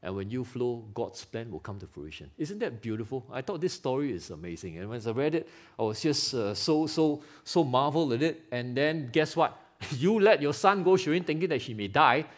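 A man preaching a lively sermon in Singaporean English, firing rhetorical questions and teasing members of the congregation by name. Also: medium pitch, normal speed, hardly any pauses. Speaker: pastor. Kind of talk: live sermon. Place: church hall.

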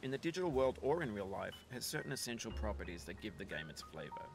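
A man narrating a video game in a measured, thoughtful voice-over, reflecting calmly on climbing and failure. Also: fairly low pitch, vocal fry. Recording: game narration with music behind.

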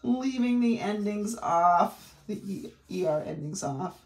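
In an echoey room, a middle-aged woman with a Maine accent gives a chatty craft tutorial full of digressions as she shows a technique. Her mid-range voice is expressive, slow and a little mellow.

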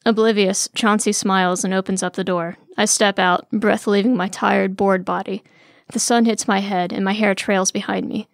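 This narrator's first-person reading is weary and sardonically wry, delivered at normal speed with fairly even intonation. Her medium-pitched voice has gravelly fry, and the recording is close and dry, with no room sound.

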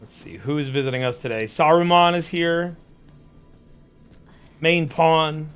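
A man's voice: a little high, measured pace, fairly bright tone, smooth, faint music behind. Bemused young man playing a game. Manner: joking, swearing, bemused. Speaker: host playing a video game. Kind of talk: casual let's-play chat.

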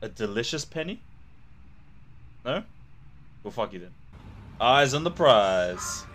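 A young man talking through a horror game, cracking crude jokes and yelping at scares. His pitch swoops lively up and down as he reacts. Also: slow pace. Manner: jokey, profane, jumpy reactions. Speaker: gamer playing a horror game. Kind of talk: gameplay commentary.

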